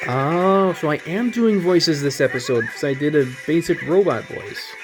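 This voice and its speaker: A man's voice: a little high, normal speed, over music. A man in his twenties talking through his old gaming videos in a loose, rambling, self-mocking way, chuckling at himself. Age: 20s. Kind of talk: casual gaming commentary.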